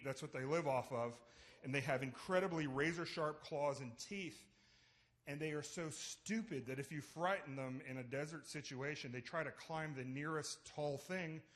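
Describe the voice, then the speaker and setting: A man telling an animated comic story on a theater stage. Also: a little high. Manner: animated, swings into acted quotes. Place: theater stage before an audience.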